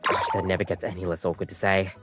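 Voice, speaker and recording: A chipper Australian barista. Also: female voice, a bass voice, flat delivery, fast talker. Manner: bubbly, upbeat customer-service patter. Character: cheerful awkward young woman barista, a coffee machine. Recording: game audio with background music.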